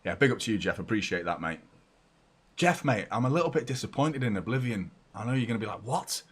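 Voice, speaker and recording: Excitable fan host at home. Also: male voice, fairly low pitch, quick pace, slightly rough. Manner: excitable, chatty, swings between shouts and mutters. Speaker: football fan channel host. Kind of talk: live match watchalong commentary. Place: home room with door open and a fan.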